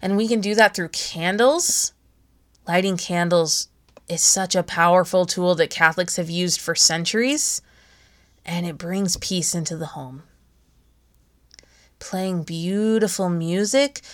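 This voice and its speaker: A woman's voice: lowish voice, steady tone, takes it slowly. Chatty laughing woman podcast host. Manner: chatty, laughs often, playful asides. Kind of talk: casual podcast talk.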